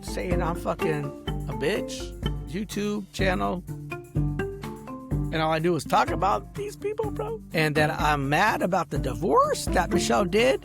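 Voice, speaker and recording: A man vlogger with a high-pitched voice and vocal fry rambles through an angry, boastful rant. He smokes a cigar as he talks and says "bro" and "dog" at every turn.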